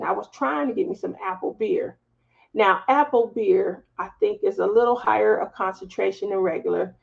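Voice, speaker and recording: Recorded in slightly dull lo-fi audio, a craft channel host with a Southern US accent chats casually on a live stream, telling stories with laughs in between. She has a medium-pitched voice with vocal fry.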